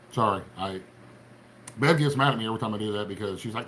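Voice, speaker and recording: A man's voice: medium pitch, lively intonation, fast, fairly bright tone. Middle-aged appalachian guy on a livestream, folksy rambly chat, chuckles a lot, faint hiss under it. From Appalachian Ohio. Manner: folksy, rambling, chuckling, greeting viewers by name. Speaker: livestream host.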